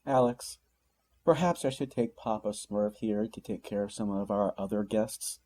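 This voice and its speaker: A man's voice: fairly low pitch, normal speed, dark tone, natural voice. A man voicing a pale, elegant young man who teases dryly in a storybook reading. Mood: dry teasing.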